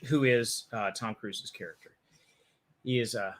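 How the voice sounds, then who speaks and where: A man hosting a casual film review chat, joking and animated, often restarting his sentences. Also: fairly low pitch, a little slow, long pauses. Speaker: podcast host reviewing a film.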